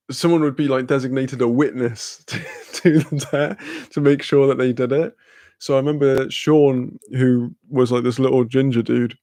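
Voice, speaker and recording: A man's voice: medium pitch, gravelly, a little mellow, no echo, clean studio sound. A young man telling a rambling, sweary story in casual chat, laughing often. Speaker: channel host.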